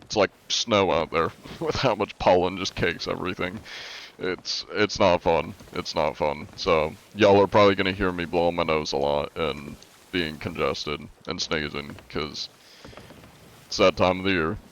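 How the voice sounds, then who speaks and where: A man's voice: low-pitched, moderate pace, a bit bright, low-quality recording. A young man streaming live, chatting casually and answering chat with a laid-back, rambling manner, his nose congested from allergies.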